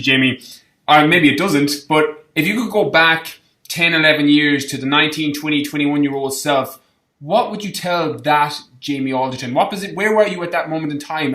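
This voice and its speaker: A man's voice: fairly high pitch, sharp tone. A man hosting a podcast, affirming his guest's points and asking reflective interview questions. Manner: encouraging, affirming. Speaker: podcast host. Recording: roomy podcast recording.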